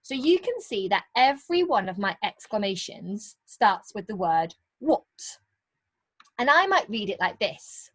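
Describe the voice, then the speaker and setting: A woman teaching young children in a recorded lesson, encouraging and sing-song, stretching key words out slowly. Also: medium pitch. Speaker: primary school teacher.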